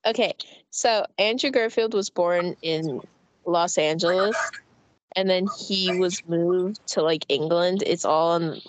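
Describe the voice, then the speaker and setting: A woman's voice: on the low side, slow pace, no room sound, low-quality recording. A woman co-hosting a casual podcast, chatting in a rambling way with many fillers. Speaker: podcast co-host.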